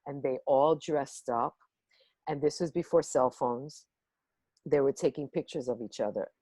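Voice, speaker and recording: A woman telling a personal story to a workshop on a video call, animated and acting out the voices in it. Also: very deep voice, a little slow, husky, no room sound. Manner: animated, acts out the voices in her stories. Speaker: workshop guest speaker.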